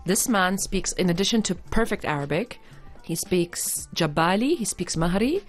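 Lively female radio co-host. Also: on the low side, normal speed, soft background music. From Oman. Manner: lively and reactive, laughs easily. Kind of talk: casual radio chat.

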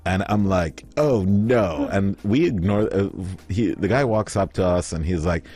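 A man's voice: low-pitched, normal speed. A man casually telling a funny anecdote to friends, acting out the other people's lines and laughing along. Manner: animated storyteller, acts out quotes, laughs often. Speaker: podcast guest telling a story.

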